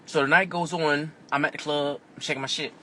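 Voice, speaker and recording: A man vlogging from inside a car, telling a candid, profane personal story with animated delivery. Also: a little high, fairly quick, a little hiss or hum. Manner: animated and profane, acts out other people's voices.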